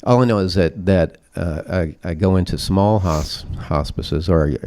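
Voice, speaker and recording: Deep gravelly emphatic man. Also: measured pace, dark tone. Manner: emphatic, preachy, uses metaphors. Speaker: conference speaker. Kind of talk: open-forum conference talk.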